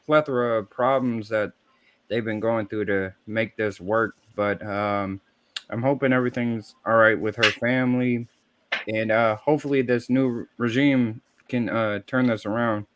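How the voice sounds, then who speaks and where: A man on a gaming podcast panel, talking in a relaxed, hedging way with frequent ums and casual swearing. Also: on the low side, moderate pace, slight background noise.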